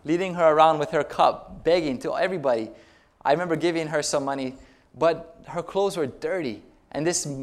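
A male pastor preaching a sermon, retelling stories in a conversational way and putting rhetorical questions to the congregation. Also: on the high side.

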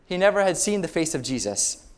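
A man's voice: a little high, big pitch swings, a little fast. A male pastor preaching a sermon, retelling stories in a conversational way and putting rhetorical questions to the congregation.

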